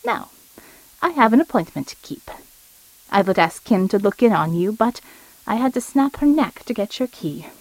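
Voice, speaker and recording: A woman's voice: medium pitch, sing-song, moderate pace, darkish tone, no echo, rough recording. A woman voicing a cold, menacing male shapeshifting villain with a clipped German accent, read in a dry, close recording. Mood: gloating. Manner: icy, threatening.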